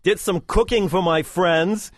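A man's voice: high voice, measured pace, no echo, studio quality. A middle-aged man hosting a radio talk show, sardonic and opinionated in his delivery. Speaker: radio host.

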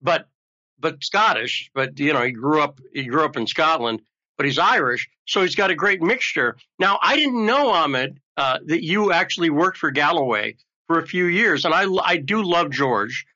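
Chatty bright-voiced male host. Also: a little high, lively intonation, normal speed. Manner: chatty, joking, rambling. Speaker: show host. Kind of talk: casual talk show chat. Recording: lo-fi muffled audio.

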